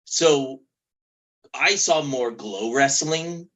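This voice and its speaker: A man's voice: mid-range voice, animated, drawn-out words, a bit bright. A man from Kentucky co-hosting a podcast, chatting casually and telling stories at an easy pace. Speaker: podcast co-host. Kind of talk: casual chat.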